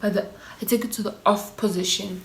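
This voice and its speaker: A woman's voice: mid-range voice, brisk, very noisy. Chatty South African woman, echoey room. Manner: animated storytelling with Zulu slang and mimicked voices. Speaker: vlogger. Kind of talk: casual storytime.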